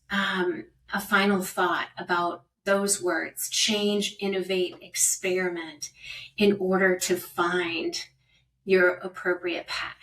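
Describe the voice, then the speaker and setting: A woman's voice: mid-range voice, fairly bright tone, distant mic. A middle-aged woman hosting an interview podcast, encouraging and affirming her guest with frequent amens. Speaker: podcast host.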